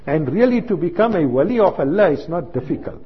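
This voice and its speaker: A man's voice: on the high side, sing-song, a little fast, slightly rough. A man preaching a sermon, telling anecdotes and acting out the dialogue. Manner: storytelling, acts out quoted dialogue. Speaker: Islamic preacher. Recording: muffled lo-fi recording.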